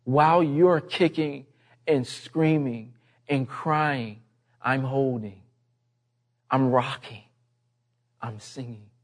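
A man's voice: slow pace, pauses often. A man preaching a sermon, telling a personal story in a conversational way and building to an impassioned appeal. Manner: impassioned, rising in pitch and volume toward the end. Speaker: pastor.

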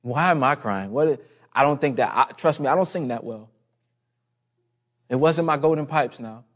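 A man's voice: moderate pace, fairly bright tone. Man preaching a heartfelt sermon. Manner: impassioned, rising in pitch and volume toward the end; personal storytelling, conversational asides. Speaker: pastor.

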